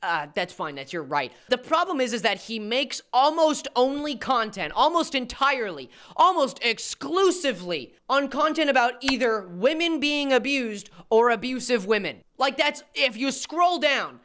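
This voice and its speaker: An American man doing commentary in a sarcastic manner, jumping between loud jabs and low mutters. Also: big pitch swings, moderate pace, hardly any pauses. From United States. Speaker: commentary YouTuber. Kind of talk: commentary video.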